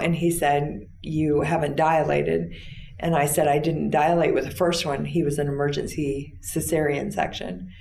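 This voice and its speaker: A woman interview guest retelling a personal story in a plain, halting way with fillers. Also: low voice, vocal fry, darkish tone, echoey room.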